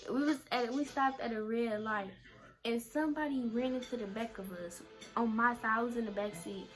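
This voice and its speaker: Teen girl doing a storytime vlog, kinda high voice, says like a lot, music going in the background. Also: normal speed. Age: teens. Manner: chatty, fills talk with "like". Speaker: vlogger. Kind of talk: casual storytime.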